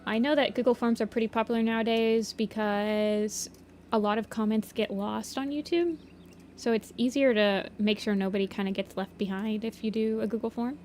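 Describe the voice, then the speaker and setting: A woman's voice: on the high side, steady tone, normal speed, darkish tone, slight background noise. A woman chatting casually on a livestream while she draws, reading chat messages aloud and answering them. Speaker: art streamer.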